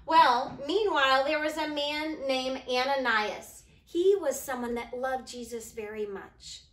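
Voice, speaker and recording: A woman teaching preschoolers online, telling a Bible story in a gentle, sing-song way. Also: high voice. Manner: gentle, sing-song, talking slowly to small kids. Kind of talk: storytelling to young children. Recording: echoey room.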